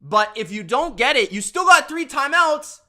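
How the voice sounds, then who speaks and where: A young man ranting in an animated, exasperated way while recapping football games. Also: very high-pitched, moderate pace. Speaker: sports commentator.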